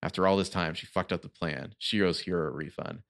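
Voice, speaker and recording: A man's voice: sits low, fairly even intonation, a little fast, vocal fry, a bit bright, no echo, clean studio sound. A man co-hosting a book podcast, reading passages aloud in casual chat and laughing often. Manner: reads quotes with loose playful voices, laughs often.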